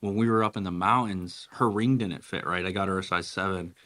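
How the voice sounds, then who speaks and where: A man's voice: low-pitched, steady tone, brisk, fairly bright tone. A man hosting a live audio chat, talking casually and swearing freely. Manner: laid-back, swears a lot, says bro. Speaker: host.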